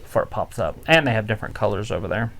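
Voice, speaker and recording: A man's voice: on the low side, lively intonation, racing, vocal fry, fairly bright tone. A man co-hosting a casual live stream, telling stories in a laid-back way with dry jokes. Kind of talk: casual chat. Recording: noisy home recording.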